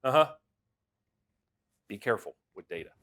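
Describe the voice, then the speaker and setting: A middle-aged man giving a lively storytelling talk, swinging from loud to quiet as he acts out the voices he quotes. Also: on the low side, normal speed. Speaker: speaker.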